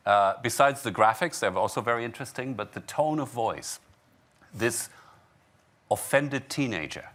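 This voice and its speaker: A man moderating a panel discussion in a conference hall. He talks in a conversational way and repeats words as he searches for them. His voice sits at a medium pitch. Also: expressive, moderate pace, fairly bright tone.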